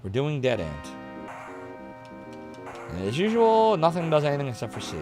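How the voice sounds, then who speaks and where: Goofy, animated streamer guy. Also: a little high, moderate pace, pauses often. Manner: goofy and profane, hums and sings tunes. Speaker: game streamer. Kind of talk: casual live-stream commentary. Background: game music.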